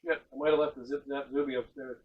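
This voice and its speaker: A man's voice: medium pitch, level tone, quick pace, narrow, tinny audio. A man co-hosting a casual comic podcast, goofy, crude and rambling. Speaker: podcast co-host. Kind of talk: casual comic-shop banter. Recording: distant mic with faint noise.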